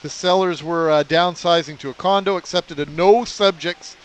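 A man's voice: on the high side, normal speed. A man hosting a live radio show, handling segues and reading a news item, on a covered outdoor patio. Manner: smooth segue-driven host patter. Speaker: radio host. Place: outdoor patio under a roof.

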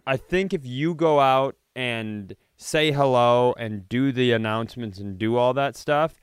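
A podcast co-host chatting casually, supportive and quick when he makes a point. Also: mid-range voice, smooth, dry recording, clean studio sound. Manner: supportive, quick reflective talk. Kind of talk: casual chat.

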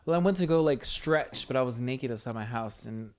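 A man's voice: mid-range voice, fairly quick. Crude joking young man on a podcast. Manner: jokey, crude and animated. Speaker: podcast co-host. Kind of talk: casual chat.

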